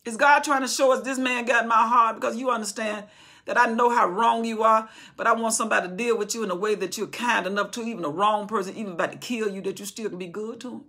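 Fervent woman preacher, forceful, husky. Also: fairly high pitch, steady tone, fast. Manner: fervent, repetitive, conversational preaching. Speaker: Bible teacher. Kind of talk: impassioned Bible study sermon.

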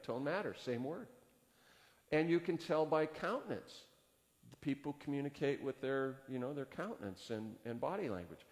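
A male pastor preaching a sermon in a casual, storytelling way, acting out both sides of a conversation. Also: darkish tone. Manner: conversational, acts out dialogue with rising pitch. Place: church sanctuary. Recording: long hall reverb.

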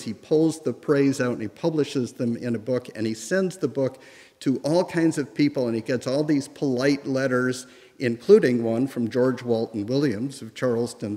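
A man's voice: mid-range voice, darkish tone. A man giving a public history lecture, telling the story conversationally with occasional fillers. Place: lecture room. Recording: long reverb of a lecture room.

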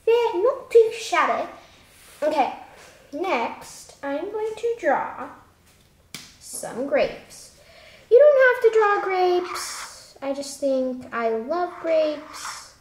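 A woman's voice: high voice, very animated, drawn-out words, reverberant. A woman giving a casual, chatty drawing lesson, rambling into playful asides as she draws. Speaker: drawing teacher.

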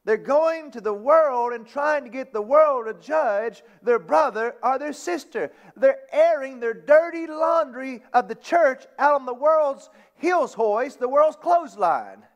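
Guy preaching in church, real high pitched, repeats himself hard, gets loud on points. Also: lively intonation, a little slow, few pauses, highs cut off. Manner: preaching with emphatic repetition and rising outbursts; reads scripture in King James wording. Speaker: pastor. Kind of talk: sermon. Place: church sanctuary.

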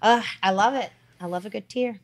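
A woman co-hosting a podcast, telling stories in a chatty, animated way with lots of fillers and quoted asides. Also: mid-range voice, brisk. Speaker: podcast co-host. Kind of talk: casual chat.

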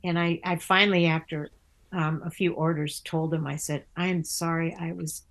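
In a low-sitting voice with little pitch movement and a moderate pace, an older theatre actor and author chats through a casual interview. She's a talkative storyteller who restarts often and does the voices of other people.

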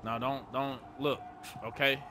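A man's voice: medium pitch, flat delivery, measured pace, bright, forceful tone, a little hiss or hum. Chatty young man commenting on gameplay. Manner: laid-back, chatty, swears a lot. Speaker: gaming streamer.

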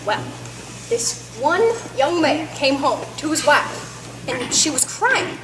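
A woman playing a folksy country comedienne, telling corny jokes on stage in a drawn-out, chatty way. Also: sits high, expressive. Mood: cheerful. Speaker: comedy performer at a church variety show. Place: church fellowship hall on stage. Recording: echoey hall with audience noise. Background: audience chatter and room noise.

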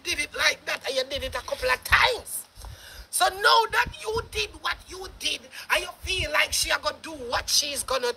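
A speaker with a Jamaican accent giving a loud, mocking commentary rant, laughing and shouting often. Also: extremely high pitch, vocal fry, a little hiss or hum. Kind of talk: ranting commentary.

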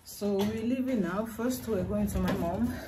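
A young woman talks to her camera from a moving car, her voice emotional and halting, laughing through tears. She speaks slowly at a medium pitch, and clear road noise hums under her. It is casual family vlog chatter. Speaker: family vlogger. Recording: noisy car recording.

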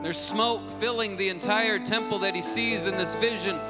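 A man preaching a sermon as lead pastor, moving from a family story to forceful exhortation. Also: high voice, fairly even intonation, normal speed. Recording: long hall reverb with loud music beneath. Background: loud guitar music.

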